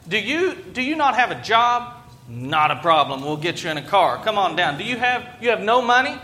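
A man voicing a pushy used-car salesman from a TV commercial, making loud hard-sell promises. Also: sits high, big pitch swings, moderate pace, heavily acted.

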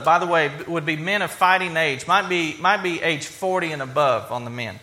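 A man's voice: fairly high pitch, normal speed, hardly any pauses, bright, forceful tone. A man preaching a sermon in a conversational way, acting out quoted lines and often restarting his sentences. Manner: stumbling restarts and fillers. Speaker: pastor.

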